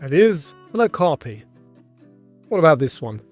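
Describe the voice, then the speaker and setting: Male quiz host, animated delivery, measured question reading. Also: a little high, soft background music. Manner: reads questions and answer choices in a clear, measured way. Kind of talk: scripted quiz show presenting.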